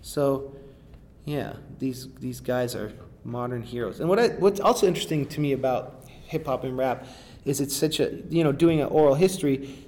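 A man's voice: mid-range voice, normal speed, a little mellow. A man, a rapper, talking casually in an interview, rambling and restarting often with enthusiasm.

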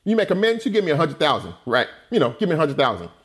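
A man's voice: on the high side, wildly swooping pitch, racing, a bit bright, exaggerated voice. A man voicing a menacing male drug boss who makes curt, insistent demands. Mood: demanding.

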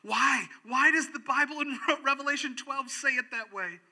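A male pastor preaches an animated sermon, swinging between loud, emphatic lines and hushed, quiet ones. His voice is very high-pitched at a normal speed.

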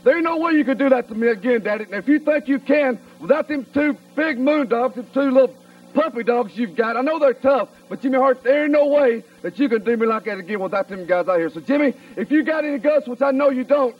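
A man cuts an indignant wrestling promo and calls out his rival. His voice is very high. He sounds a little distant from the mic on an old TV recording. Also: lively intonation, fast talker, darkish tone. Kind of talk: angry promo interview.

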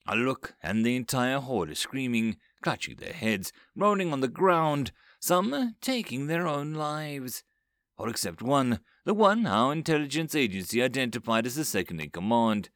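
A man's voice: mid-range voice, sing-song, normal speed, a bit bright, dry recording, studio quality. A man reading a dramatic story aloud as narrator.

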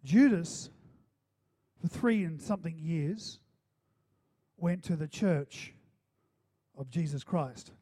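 Man preaching with high, animated energy. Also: slow pace, long pauses. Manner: animated, conversational preaching with rising intensity and rhetorical questions. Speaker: pastor. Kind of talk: sermon. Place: church hall.

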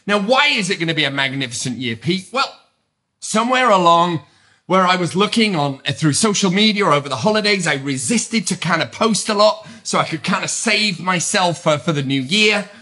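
A middle-aged man with a British accent hosting a podcast, talking in an energetic, emphatic, upbeat way. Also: sits high. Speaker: podcast host. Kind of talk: motivational podcast monologue.

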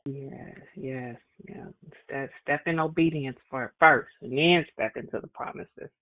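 A woman's voice: a bass voice, a little slow, no room sound. Woman hosting a call over a phone line. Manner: warm, affirming, repeats praise phrases. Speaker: prayer call host. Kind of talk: casual phone call greetings.

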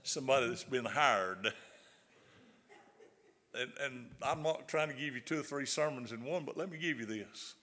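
A man's voice: medium pitch, normal speed, pauses often, bright, forceful tone. An older man with a Southern US accent, preaching a folksy sermon and often asking his listeners questions. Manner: folksy, repeats words, asks the audience questions. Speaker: pastor. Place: large hall. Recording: long hall reverb.

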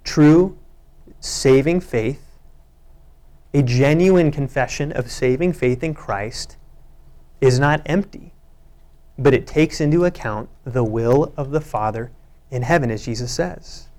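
A man's voice: mid-range voice, slow, long pauses, darkish tone. A man preaching a sermon, reading scripture aloud with earnest emphasis. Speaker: pastor.

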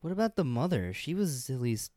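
A man's voice: medium pitch, big pitch swings, brisk, dark tone, dry recording, studio quality. A man co-hosting a casual movie podcast, reacting to his partner and adding details from the film. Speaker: podcast co-host.

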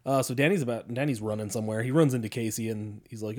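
A man co-hosting a casual podcast chat, recapping a movie with swearing, laughter and quick acted-out lines. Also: mid-range voice, darkish tone. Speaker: podcast co-host.

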